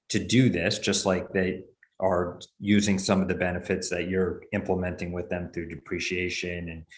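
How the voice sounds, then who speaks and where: Deep-voiced man explaining benefit plans. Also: roomy sound. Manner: explanatory, many restarts and fillers. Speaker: benefits consultant guest. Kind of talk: podcast interview.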